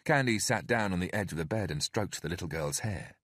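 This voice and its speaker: A man narrates an audiobook in a measured storytelling voice. The voice is very low and husky, and his pitch moves widely. The recording is dry and close, with no room sound. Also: lively intonation, fairly bright tone, no echo. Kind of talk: scripted narration.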